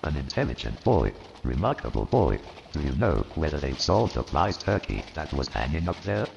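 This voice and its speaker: A man playing an old miserly man turned joyful and repentant, with a gravelly voice and a theatrical, animated delivery in an audio drama. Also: moderate pace, noisy background, heavily acted. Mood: elated. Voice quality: gravelly, very deep. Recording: reverberant, dull lo-fi, faint music.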